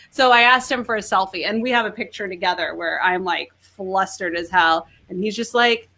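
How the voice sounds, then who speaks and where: Animated woman guest, bright and forceful tone, gushing chatter. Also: a little high, normal speed, few pauses. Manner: excitable, gushing, lots of "like". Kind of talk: animated storytelling.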